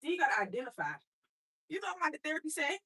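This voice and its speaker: A woman's voice: high-pitched, big pitch swings, fast talker, sharp tone. An adult woman and mother telling her own story in a blunt, streetwise motivational talk, speaking straight to her listeners.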